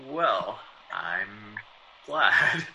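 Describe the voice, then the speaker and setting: A man's voice: fairly low pitch, lively intonation, extremely slow, vocal fry, bright, forceful tone, a little hiss or hum, exaggerated voice, low-quality recording. An actor playing a flustered, stammering male mystery writer in an old-time radio drama.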